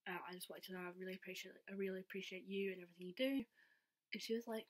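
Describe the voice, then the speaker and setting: A woman's voice: mid-range voice, steady tone, very fast. Young woman vlogger, chatty and giggly, casual storytelling. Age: young adult. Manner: chatty, giggly, says "like" a lot.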